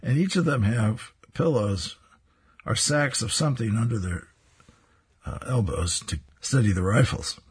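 A man's voice: medium pitch, animated, a little slow, husky. A man reading comic strips aloud and describing each panel, chuckling between strips.

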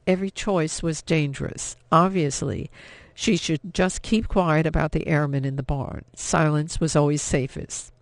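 A man narrates a novel in a steady, measured audiobook read. His voice is slightly high with a gravelly texture. The recording is close and dry. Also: dry recording.

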